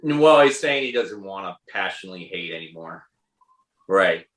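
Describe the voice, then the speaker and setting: A man, a musician guest in a casual interview, talking in a halting way as he searches for words. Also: low-pitched, expressive, fairly bright tone, echoey room, low-quality recording.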